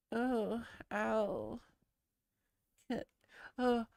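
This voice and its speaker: A woman's voice: on the high side, slow pace, long pauses, darkish tone, smooth, no room sound. A sleepy woman streamer chatting casually with her chat, giggling and rambling as she laughs at herself. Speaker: VRChat streamer.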